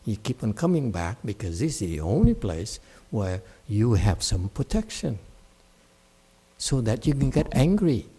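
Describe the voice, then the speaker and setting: A man's voice: on the low side, big pitch swings, unhurried, dark tone, husky. A man, a Buddhist monk, giving a dharma talk to his class in a blunt, scolding and mocking way. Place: meditation center.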